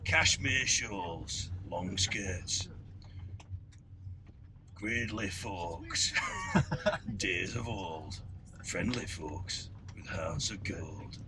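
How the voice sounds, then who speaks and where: A man slowly reading a dialect poem, half whispered, on a tour bus. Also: low-pitched. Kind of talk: reading dialect poetry in a Yorkshire accent. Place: inside a moving tour bus. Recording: noisy bus interior.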